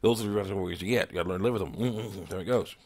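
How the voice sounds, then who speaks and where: A man's voice: sits low, rapid-fire, darkish tone. A man hosting an online ministry talk, rambling casually through chat messages, chuckling often, with many fillers.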